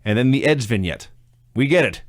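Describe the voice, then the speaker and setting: A man's voice: mid-range voice, animated, a little fast, no room sound. Dry-humored man recapping wrestling. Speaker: podcast co-host. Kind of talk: casual chat recapping wrestling.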